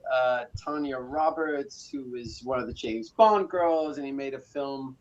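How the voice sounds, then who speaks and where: A man's voice: medium pitch, a little slow. A man in his forties from South Africa, telling his story as an interview guest with many fillers and restarts. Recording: slightly muffled audio.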